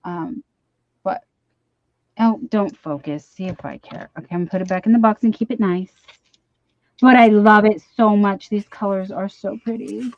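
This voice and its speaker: A woman with a mid-range voice hosts a casual live chat, talking at normal speed and gushing with many gasps and exclamations as she opens gifts. A webcam or desk mic gives a dull, dry stream recording.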